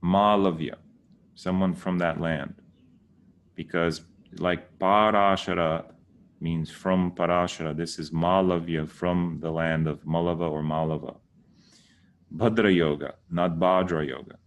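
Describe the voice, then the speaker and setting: A man's voice: deep voice, level tone, measured pace. A man giving a casual lesson, patiently repeating words to correct how people say them. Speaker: teacher.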